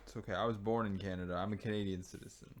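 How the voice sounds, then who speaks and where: Low-voiced, sarcastic male co-host. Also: steady tone, rapid-fire. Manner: ranting, sarcastic, profane. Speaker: podcast co-host. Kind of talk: casual podcast banter.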